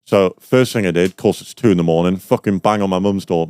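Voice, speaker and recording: Young guy on a podcast, lowish voice, rambling story full of ums, dry close sound. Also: quick pace, darkish tone, clean tone, no echo. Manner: rambling storyteller, many fillers and laughs. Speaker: podcast guest. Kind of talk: casual chat.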